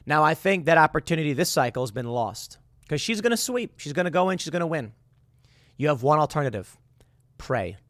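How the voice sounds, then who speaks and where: A man's voice: on the high side, fast, dry recording. Man, sarcastic political commentary, mocking tone, bouncy intonation, dry close sound. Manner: sarcastic, mocking, animated delivery.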